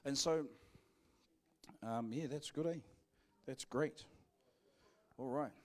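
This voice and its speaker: Taking it slowly in a mid-range voice, a male pastor with a New Zealand accent preaches a live sermon at church. His delivery is playful and cheeky, with jokes for the congregation and acted-out dialogues.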